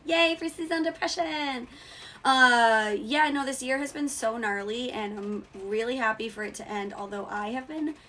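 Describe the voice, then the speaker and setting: A woman's voice: normal speed, few pauses, sharp tone, a little hiss or hum. A woman hosting her own show in sassy, mock-outraged comedic commentary, swearing freely, her voice cracking when it rises. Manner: voice cracks when going high. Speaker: show host.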